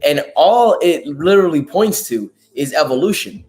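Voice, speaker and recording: Hoarse male motivational host, raspy and emphatic, faint background music. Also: fairly high pitch, lively intonation, moderate pace, darkish tone. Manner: emphatic, profane, preachy. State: hoarse from a lost voice. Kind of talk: live motivational talk.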